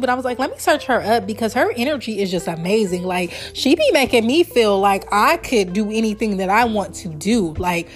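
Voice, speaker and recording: A woman in her early thirties hosting her own podcast, talking in a chatty, rambling, heartfelt way and laughing often. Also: on the high side. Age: 30s. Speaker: podcast host. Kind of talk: casual solo podcast chat.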